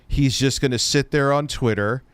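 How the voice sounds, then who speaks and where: A man ranting on a live stream, profane and fed up. His voice sits in a middle pitch and sounds dry and close to the mic, with no room around it. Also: normal speed, clear, resonant tone, dry recording. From United States. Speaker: streamer host. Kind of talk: heated live-stream chat.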